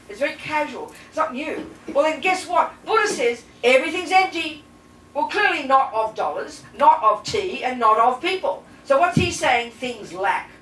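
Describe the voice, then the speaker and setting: A woman with a fairly high voice gives a live Buddhist class, blunt and animated, constantly asking her listeners rhetorical questions. She is picked up by a mic some way off, so her voice echoes around the room. A faint hiss runs underneath. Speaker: Buddhist nun teacher. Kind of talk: live dharma teaching to a class. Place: teaching room with audience. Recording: roomy echo, distant mic, faint hiss.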